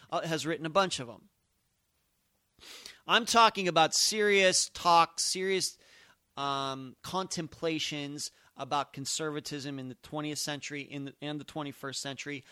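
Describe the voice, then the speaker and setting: A man's voice: fairly high pitch, sharp tone, dry recording, studio quality. A man hosting a solo podcast, thinking aloud in emphatic, musing commentary. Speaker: podcast host.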